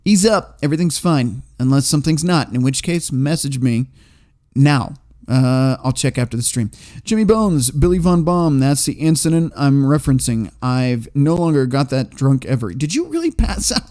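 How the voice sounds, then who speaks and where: A man's voice: medium pitch, expressive, moderate pace, a little mellow. A man hosting a livestream, reading chat comments aloud in a rambling, profane way and laughing often.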